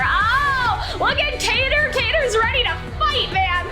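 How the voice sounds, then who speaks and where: A woman's voice: very high voice, animated, takes it slowly, hardly any pauses, over loud music. A young woman streaming a game live, gushing and giggly, full of "like" and "oh my god". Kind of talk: live game playthrough with excited commentary.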